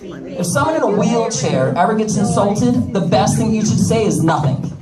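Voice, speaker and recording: High-voiced brash stand-up comic man. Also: sing-song, normal speed, roomy sound, recorded from a distance, over loud music, poor audio. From United States. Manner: brash, joking asides to the audience. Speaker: stand-up comedian. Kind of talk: stand-up comedy set. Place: comedy club stage.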